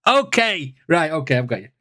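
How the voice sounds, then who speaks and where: Male reaction host, lively pitch, rambling chatty delivery. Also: moderate pace, a crowd in the background. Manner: rambling, chatty, laughs often. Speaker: music reaction video host. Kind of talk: casual reaction commentary.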